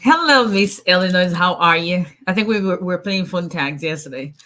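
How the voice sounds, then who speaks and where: A woman's voice: on the low side, animated, moderate pace, a bit bright, slight background noise. A woman, an immigration attorney, chatting playfully and laughing with viewers on a casual livestream.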